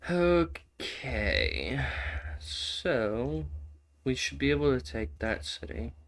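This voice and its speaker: A man's voice: mid-range voice, very animated, extremely slow, gravelly, fairly bright tone. A man giving casual, swearing commentary while playing a strategy game, repeating himself and laughing often. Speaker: gaming streamer.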